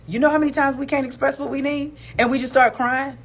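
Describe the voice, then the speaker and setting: A woman's voice: high voice, fairly even intonation, fast. A woman giving emphatic, preachy commentary on relationships, repeating words for stress. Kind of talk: opinionated video commentary.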